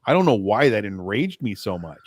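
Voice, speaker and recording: A man's voice: fairly low pitch, big pitch swings, brisk, no echo, studio quality. A man co-hosting a casual late-night podcast, telling stories in a blunt, profane way. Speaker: podcast co-host.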